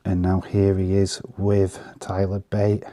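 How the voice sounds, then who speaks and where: A man casually commenting on trading cards in an easygoing, chatty way, pausing often with fillers. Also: low-pitched, monotone, mellow. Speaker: vlogger showing trading cards.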